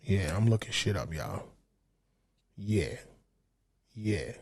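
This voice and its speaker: A man's voice: deep voice, sing-song, takes it slowly, vocal fry, darkish tone, breathy edge. A man hosting a casual podcast livestream, ranting in a profane, heated, rambling way. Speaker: podcast host.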